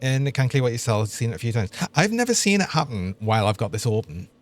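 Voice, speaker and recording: A man's voice: medium pitch, big pitch swings, fast talker. A young man, chatting and laughing as he streams a game. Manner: chatty, laughs often, thinks aloud. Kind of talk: live gameplay commentary.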